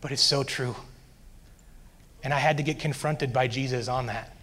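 A man earnestly sharing a personal faith testimony, growing animated as he recounts his frustration. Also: mid-range voice, moderate pace.

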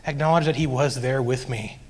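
A man earnestly sharing a personal faith testimony, growing animated as he recounts his frustration. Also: medium pitch, a little fast.

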